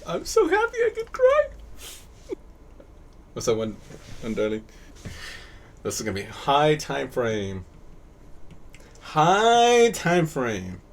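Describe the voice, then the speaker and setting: A man running a live online class on reading charts, with a voice that sits somewhat high. He keeps quizzing his students and pushing them for answers. Now and then he breaks into animated bursts of praise. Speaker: crypto chart teacher.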